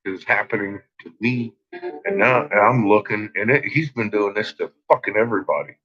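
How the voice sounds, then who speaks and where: A man's voice: lowish voice, moderate pace, music in the background. A man hosting a late-night livestream, ranting profanely at his chat and often breaking into laughter. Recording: dull lo-fi stream audio.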